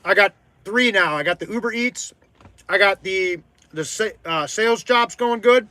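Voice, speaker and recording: A man hosting a casual live stream as an artist, rambling with lots of fillers and restarts, loud by his own account. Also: high voice, moderate pace, no echo. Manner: loud-mouthed, self-described.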